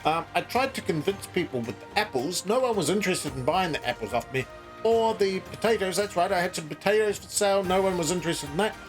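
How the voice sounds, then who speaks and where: A meandering, deadpan crypto founder voiced by a man who dodges every question. His voice runs fairly high for a man, and faint music plays beneath this comedy parody. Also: fairly quick. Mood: evasive. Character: clueless broke crypto founder man, evasive and rambling.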